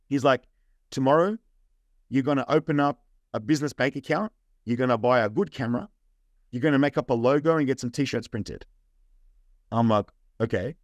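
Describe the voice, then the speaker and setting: A man's voice: medium pitch, dry recording, clean studio sound. Chatty Australian man telling stories. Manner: animated anecdotes with "right?" and "I'm like". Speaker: interview guest. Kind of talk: casual storytelling.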